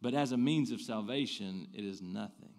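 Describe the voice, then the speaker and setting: A man, preaching a sermon. He swings between loud emphatic bursts and quiet low asides, and often restarts his phrases. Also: moderate pace. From American South. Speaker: pastor.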